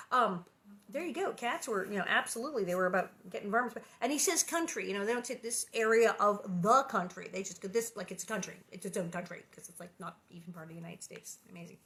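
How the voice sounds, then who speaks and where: A woman's voice: mid-range voice, pushed and bright. A woman reading a children's book aloud with gushing, giggly asides. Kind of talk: storybook reading with chatty asides.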